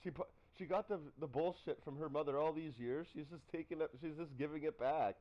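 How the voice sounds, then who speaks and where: A man chatting casually on a live stream, telling stories in an animated way and acting out what people said. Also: on the high side, a little fast, dull audio. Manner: animated storytelling, acts out quotes. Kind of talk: casual chat.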